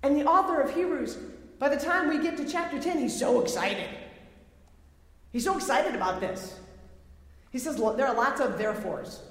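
A woman's voice: high voice, animated, normal speed, long pauses. A woman preaching a sermon, emphatic and repeating phrases for effect. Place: large worship hall. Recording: echoey hall with long reverb.

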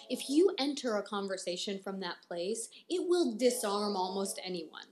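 A woman's voice: medium pitch, lively intonation, normal speed, few pauses, darkish tone. A young woman co-hosting a casual chat, candid and reflective, often laughing as she talks. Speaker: podcast co-host.

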